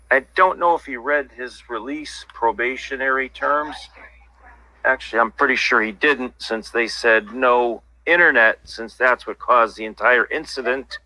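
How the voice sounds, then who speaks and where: A man's voice: medium pitch, a little slow, pushed and bright, no room sound, poor audio. A man talking bluntly and at length as an interview guest, passing on inside gossip in casual livestream chat. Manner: blunt, rambling insider talk.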